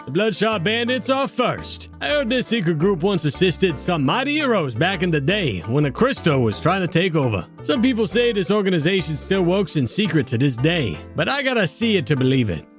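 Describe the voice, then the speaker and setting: A folksy Cajun potion shopkeeper, as a man puts him on, drawling out names with a high, lively voice that leaps around. He sounds hospitable and easygoing, like a fantasy shop owner greeting regulars. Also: a little fast, few pauses, soft background music. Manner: drawling, folksy shout-outs. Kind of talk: in-character sponsor shout-outs.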